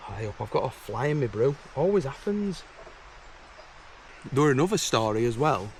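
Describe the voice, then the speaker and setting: There's a sing-song lilt to this camping vlogger's medium-pitched voice as he speaks at a normal speed. Sitting at a woodland camp outside, he tells casual stories to camera that come across as chatty, blunt, and exasperated, with slight background noise audible.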